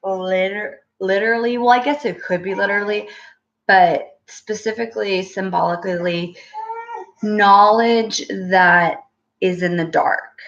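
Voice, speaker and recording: A woman's voice: medium pitch, steady tone, a little slow, fairly bright tone. A woman giving a casual tarot reading at home, rambling and hesitant with many fillers. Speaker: tarot reader. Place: at home with her small child. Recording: roomy, dull lo-fi home recording.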